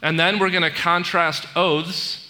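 A man's voice: high-pitched, level tone, measured pace, bright, forceful tone. A man preaching a conversational sermon, telling a story with asides and questions to the congregation. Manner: storytelling, retells film scenes with asides and audience questions. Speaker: pastor. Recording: long hall reverb.

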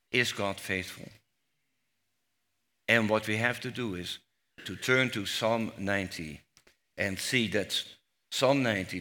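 A man preaching a sermon on the Psalms, slow and emphatic, rising to loud cries when he quotes scripture. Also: fairly low pitch. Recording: long hall reverb.

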